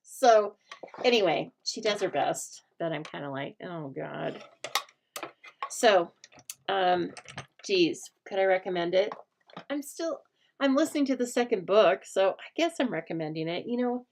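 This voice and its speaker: Gravelly-voiced American woman chatting while crafting. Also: on the low side, a little hiss or hum. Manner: chatty, thinks aloud, drops to a soft murmur while working. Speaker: craft host. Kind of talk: casual chat while crafting.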